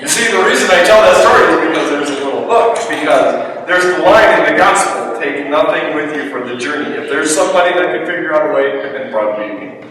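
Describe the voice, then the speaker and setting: A priest gives a chatty sermon, his bright voice ringing through a big church. He is picked up from a distance, so the long, boomy reverb of the hall wraps around every word. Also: lively intonation, fast talker, few pauses, slight background noise. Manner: chatty storytelling homilist. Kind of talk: sermon with a joke story. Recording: echoey church from far off.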